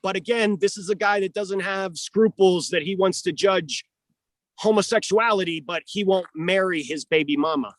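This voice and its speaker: A man's voice: sits high, normal speed, dry recording. A man who coaches and manages a fighter, giving a heated, profane, combative rant in an interview.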